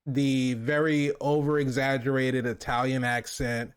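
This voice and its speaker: A man's voice: mid-range voice, unhurried, clear, resonant tone. A man co-hosting a casual movie review, talking in long rambling runs with many restarts and fillers.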